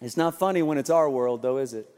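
A man's voice: medium pitch, fast talker, mellow, clear, resonant tone. A male pastor preaching a sermon, mixing scripture with self-deprecating, humorous stories. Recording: long hall reverb.

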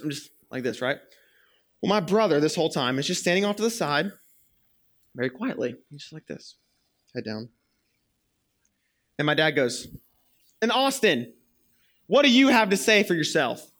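Bright-voiced young man preaching. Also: high-pitched. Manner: animated storyteller, playful and quick. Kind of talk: sermon with personal story.

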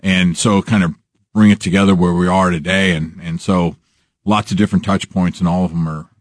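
A male bank executive, a guest in a studio interview, talking in an easygoing way that trails off quietly. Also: sits low, steady tone, a little fast, no echo. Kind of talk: casual interview. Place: radio studio.

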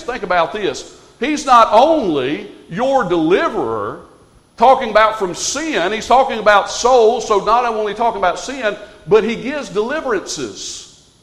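A man delivers a sermon, his voice pitched high for a man. He moves from earnest, quiet reflection to fervent exhortation. A long church reverb hangs after each phrase. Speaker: preacher.

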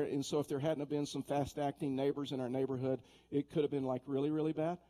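A man's voice: a little high, fairly even intonation, quick pace, dark tone. A man preaching a sermon in a conversational way, telling stories and often repeating words as he starts a sentence. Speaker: pastor. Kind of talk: sermon with storytelling.

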